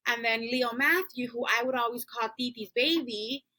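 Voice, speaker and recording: A woman's voice: a little high, moderate pace, pushed and bright, rough recording. A woman hosting a podcast, telling a personal family story in a casual, chatty way full of "um" and "like". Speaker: podcast host.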